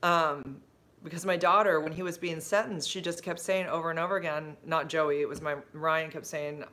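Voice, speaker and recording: A woman's voice: low voice, steady tone, normal speed, sharp tone. A middle-aged woman hosting a casual livestream, answering viewer comments in a rambling, chatty way with many fillers and restarts. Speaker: livestream host.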